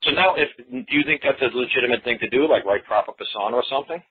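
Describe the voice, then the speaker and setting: A man's voice: mid-range voice, fast, husky. Emphatic man on a tinny phone line. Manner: rambling, emphatic, repeats phrases, mimics others. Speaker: talk show guest explaining common law. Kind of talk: casual phone-in radio talk.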